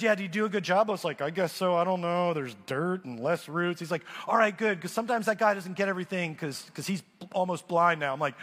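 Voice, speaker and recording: A middle-aged man preaching in a church auditorium, his voice high and bright as he acts out the people in his stories. The sound rings with a long hall reverb. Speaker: guest pastor. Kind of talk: storytelling sermon.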